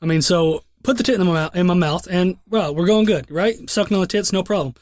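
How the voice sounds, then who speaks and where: High-voiced young man telling rambling stories. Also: a little fast, a little mellow, no room sound, clean studio sound. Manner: profane, rambling, laid-back storytelling with many restarts. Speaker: podcast host. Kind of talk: casual podcast chat and storytelling.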